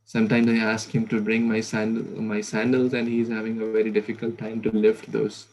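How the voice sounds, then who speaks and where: A man's voice: fairly low pitch, monotone, brisk, a little mellow, a little hiss or hum, lightly acted, rough recording. A man voicing a doting mother who teasingly scoffs at claims that her small son is divine. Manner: teasing, chatty, rhetorical questions.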